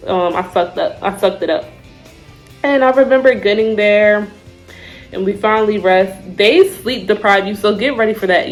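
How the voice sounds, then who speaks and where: A young woman telling, in a casual vlog, about her time in Army basic training, with frequent fillers and lively drill-call shouts. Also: medium pitch, low-quality recording. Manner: animated storyteller, shouts out drill calls; says "like" and "I remember" often.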